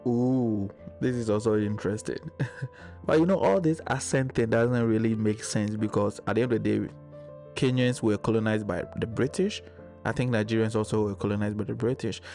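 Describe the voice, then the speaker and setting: A man on a discussion panel, calmly explaining his views in casual debate. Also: fairly low pitch.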